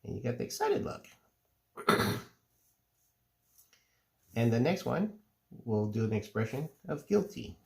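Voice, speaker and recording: A middle-aged man calmly explaining, step by step, how to draw cartoon faces. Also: medium pitch, creaky. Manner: relaxed, unhurried step-by-step explaining. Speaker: drawing teacher. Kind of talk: casual drawing tutorial.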